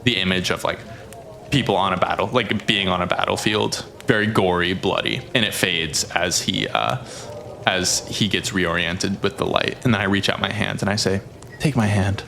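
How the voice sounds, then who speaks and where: A man's voice: sits low, fairly even intonation, moderate pace, creaky, sharp tone, slight background noise. A man playing a tabletop role-playing game who describes his actions in a chatty way, with many fillers. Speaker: player. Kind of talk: casual tabletop game play.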